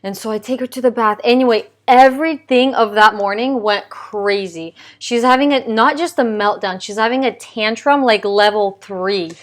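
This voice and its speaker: A woman's voice: a little high, normal speed, hardly any pauses. A young woman, a mother, telling a long personal story in casual conversation, with lots of "like" and "you know.". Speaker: Christian video host.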